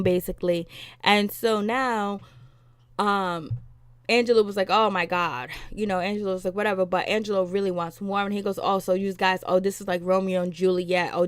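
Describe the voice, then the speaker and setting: A woman giving a casual, animated recap of a TV episode, retelling scenes with laughs and attitude, with some in her speech. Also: medium pitch, clean tone, no echo, clean studio sound. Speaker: TV recap vlogger.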